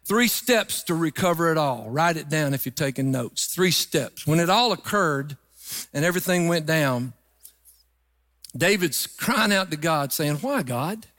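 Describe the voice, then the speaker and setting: A man's voice: fairly high pitch, lively intonation, a little slow, a bit bright, in a large hall. A middle-aged man preaching a sermon, emphatic and rising into sung phrases. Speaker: pastor.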